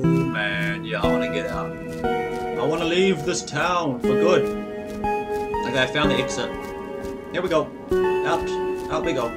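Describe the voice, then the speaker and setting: A man hosting a let's play, cursing and reacting excitably as he plays. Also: fairly high pitch. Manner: profane, excitable running reactions. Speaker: gaming channel host. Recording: distant mic with loud game music. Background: game music.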